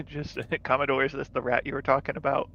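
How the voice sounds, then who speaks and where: A man chatting casually as a player in a tabletop game, with quiet, wry asides. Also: medium pitch, completely flat delivery, very fast, gravelly, muffled recording.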